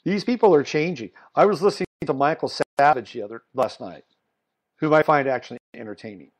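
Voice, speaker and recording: A man holds forth in a solo podcast of political commentary. His voice sits at an ordinary mid pitch, and he talks bluntly. He punches some points loudly and trails off quietly on others. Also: brisk. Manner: animated, blunt, swings between loud emphasis and muttered asides. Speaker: podcast host.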